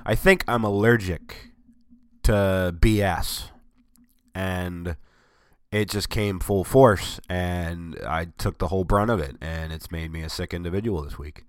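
Sarcastic, sick, low-voiced man rambling. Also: a little slow, smooth, no echo, studio quality. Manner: sarcastic, rambling, self-mocking. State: sick with a cold, voice strained. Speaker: vlogger. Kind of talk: casual chat.

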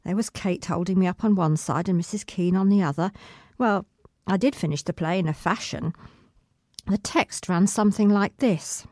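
A woman reading a memoir aloud in the first person, with expressive delivery. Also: fairly low pitch, brisk, dry recording, clean studio sound. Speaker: reader.

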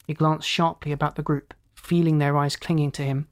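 Steady storybook narrator. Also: mid-range voice, brisk, few pauses. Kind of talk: audiobook narration.

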